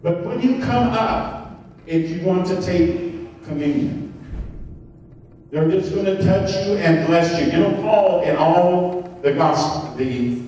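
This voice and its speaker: A man preaching a sermon as pastor, swinging from loud, high exclamations to soft murmurs. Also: expressive, slow, long pauses, a little hiss or hum. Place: church sanctuary. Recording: echoey church hall from far off.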